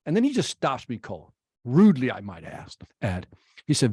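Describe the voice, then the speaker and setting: A middle-aged man from Chicago, a guest telling an animated story in an interview and acting out the exchanges he quotes. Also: mid-range voice, normal speed, husky, no echo, clean studio sound. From Chicago, United States. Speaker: guest speaker.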